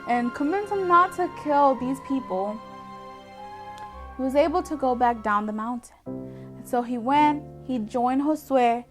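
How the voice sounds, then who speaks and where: A woman retelling a Bible story for children in a lively, chatty way, talking straight to her young audience. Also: sits high.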